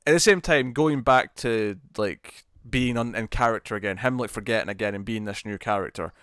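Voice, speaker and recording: A man co-hosting a casual review chat, talking in animated bursts full of restarts and repeated words. His voice sounds smooth and resonant. The recording is dry, with no room sound. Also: on the low side, brisk, dry recording. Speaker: podcast co-host.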